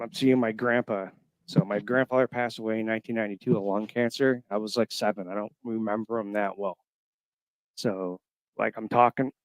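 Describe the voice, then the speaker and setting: A man in his thirties from Florida, calling in to a show and haltingly telling a personal story full of fillers. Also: lowish voice, a little mellow, no room sound. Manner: halting, emotional, many fillers. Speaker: caller. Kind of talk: casual storytelling. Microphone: call-in line.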